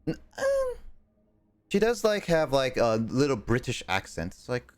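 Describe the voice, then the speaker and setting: A man's voice: mid-range voice, sing-song, normal speed, clear, resonant tone. A male streamer chatting casually while playing a game, rambling with plenty of fillers. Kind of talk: casual chat while gaming.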